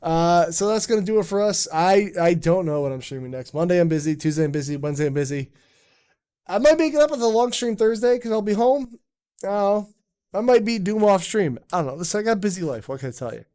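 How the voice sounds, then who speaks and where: A man's voice: sits high, expressive, brisk, mellow, smooth. A man hosting a live stream chat in a rambling, jokey way, swearing often. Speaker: streamer and podcast host. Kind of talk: casual chat.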